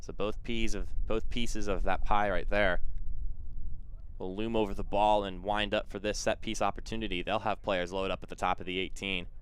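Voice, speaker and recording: Low, smooth-voiced male soccer commentator. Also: moderate pace. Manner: steady, conversational play-by-play with occasional restarts. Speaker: play-by-play commentator.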